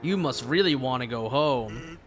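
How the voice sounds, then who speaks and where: A man reading aloud as a laid-back joking male skeleton in a video game, in a slow drawl that leans southern. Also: on the high side, lively intonation, a crowd in the background. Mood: easygoing.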